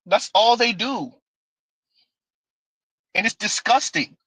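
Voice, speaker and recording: A man's voice: high-pitched, slow, bright, forceful tone, slightly rough, no room sound, low-quality recording. A man giving sarcastic, preachy livestream commentary, reading super chats and often tossing in "Huh?" and "Right?". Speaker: commentary streamer. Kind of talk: livestream commentary reacting to clips.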